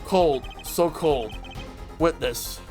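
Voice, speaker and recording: A man reading out a shot man at the end of his strength, his words coming slow, faint and broken. The voice sits fairly high and stays close to the reader's own. Soft game music plays underneath. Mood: weak, fading.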